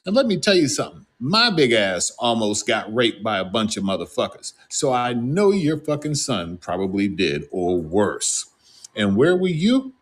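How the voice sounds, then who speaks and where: A man's voice: lowish voice, sing-song, a little slow. A man from the United States on an angry, scolding, profane rant.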